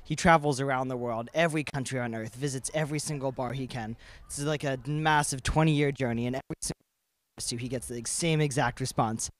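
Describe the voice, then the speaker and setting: A man's voice: mid-range voice, fairly even intonation, brisk, no echo. A young man telling a long joke outdoors into a handheld mic, loose and rambling. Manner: rambling, loose storytelling with many fillers. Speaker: student on a campus broadcast. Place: outdoors on a campus.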